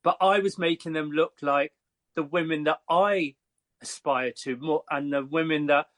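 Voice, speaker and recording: An English man in his fifties, a hairstylist guest telling lively, chatty stories with frequent fillers. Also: a little high, normal speed. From Croydon, England. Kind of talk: casual storytelling.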